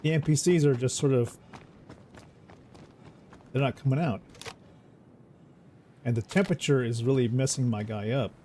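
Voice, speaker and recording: A man's voice: medium pitch, moderate pace, long pauses, mellow, a little hiss or hum. A man streaming a game, talking casually and rambling, often correcting himself mid-sentence. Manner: rambling, self-correcting, easygoing. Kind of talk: casual gameplay commentary. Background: game music.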